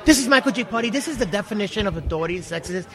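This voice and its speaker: A man's voice: sits high, animated, very fast, sharp tone. A man speaking as a wrestler, giving a cocky, brash post-match promo at a live event.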